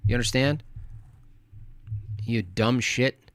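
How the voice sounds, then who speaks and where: A man's voice: medium pitch, moderate pace, pauses often, no room sound. A man streaming live, reading his chat aloud and answering it with sarcastic, combative mockery.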